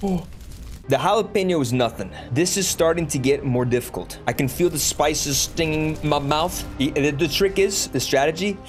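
A man streaming a hot pepper challenge, joking and reacting to clips in quick bursts, his mouth burning and his eyes watering. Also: fairly high pitch, faint music behind. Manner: excitable, jokey, fast bursts.

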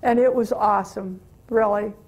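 A woman's voice: mid-range voice, fairly even intonation, moderate pace, a little mellow. An older American woman telling stories of her mission trip to a church meeting, chatty and laughing often. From USA. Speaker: guest speaker.

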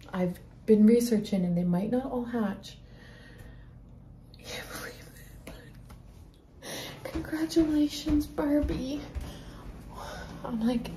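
A woman talks to her viewers from her garden, out of breath and emotional, her words tumbling out in a rush. Her voice sits a little high, and she slips into hushed whispers now and then. A faint hiss of outdoor noise sits behind her. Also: poor audio. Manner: excitable and emotional, lots of "like"; drops to hushed whispers near the nest. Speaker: vlogger. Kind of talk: casual vlog to camera. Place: outdoors in a home garden and deck.

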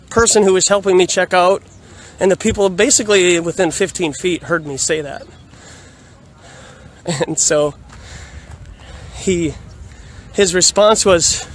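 A man casually telling a story in a vlog, animated and laughing often, recorded outdoors on a phone. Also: high voice, normal speed, pauses often. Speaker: vlogger. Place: outdoors in a busy urban area. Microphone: phone on a selfie stick. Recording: outdoor street noise.

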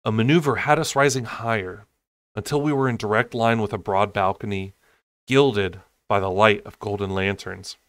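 A man's voice: lowish voice, fairly even intonation, moderate pace, fairly bright tone, dry recording. A man reading a fantasy novel aloud in an unedited take, with occasional slips and asides. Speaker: audiobook reader.

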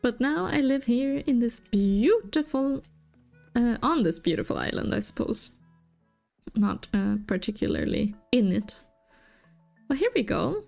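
A young woman casually talking through a farming video game, chatty, giggling and easily excited. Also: on the high side, measured pace, creaky. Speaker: gaming channel host. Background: faint game music.

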